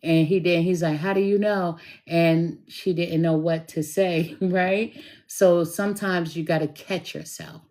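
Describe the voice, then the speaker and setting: Speaking a little slowly in a lowish, level, somewhat dark voice, a middle-aged tarot reader tells stories casually. Her chatty monologue is filled with fillers and recounted conversations.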